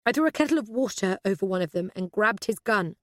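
A woman's voice: mid-range voice, animated, quick pace, fairly bright tone, no echo, clean studio sound, pitched above the performer's own voice, lightly acted. A woman voicing a tough young British woman caught in a shootout, talking bluntly and urgently. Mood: tense.

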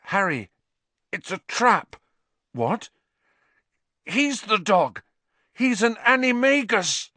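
Hurt teen boy, gritted teeth but defiant a man doing him, higher pitch. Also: big pitch swings, takes it slowly, long pauses, bright, forceful tone, dry recording, heavily acted. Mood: pained. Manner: pained, fierce, strained. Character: injured brave teenage boy wizard.

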